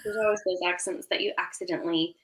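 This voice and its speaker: A woman's voice: fairly low pitch, fairly even intonation, fast, fairly bright tone, a little hiss or hum. A woman co-hosting a casual online chat, mostly giving short supportive replies. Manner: supportive, brief affirmations. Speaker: co-host.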